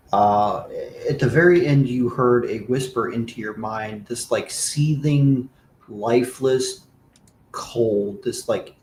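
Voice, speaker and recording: A man's voice: medium pitch, darkish tone, reverberant, a little hiss or hum, rough recording. A man narrating a tabletop game as game master, loose and full of fillers.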